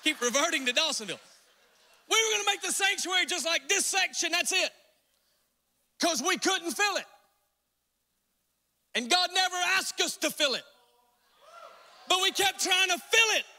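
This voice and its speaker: A male pastor with a north Georgia Southern accent, preaching in a folksy, joking way. His voice sits very high and sounds sharp and bright. The sermon is recorded with a long reverb from the church hall. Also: animated, moderate pace, long pauses. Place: church sanctuary.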